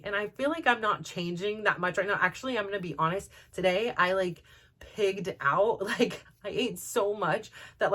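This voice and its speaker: A woman hosting a personal vlog, telling stories in a chatty, animated way with lots of "like" and laughter. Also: mid-range voice. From Russian heritage. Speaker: vlog host. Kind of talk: casual personal storytelling.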